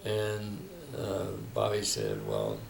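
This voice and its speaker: Older man, gravelly voice, echoey room. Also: fairly low pitch, sing-song, a little slow, far from the mic, a crowd in the background. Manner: reflective storytelling, quoting others. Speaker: interviewee. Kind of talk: oral history interview. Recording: echoey room, faint background noise.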